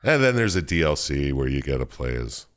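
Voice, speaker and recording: A man with a very deep, low voice, recapping a game's story for his co-hosts. He tells it with plenty of swearing and jokes, in loose, casual chat. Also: sing-song, brisk. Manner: profane, joking storyteller. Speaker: podcast co-host.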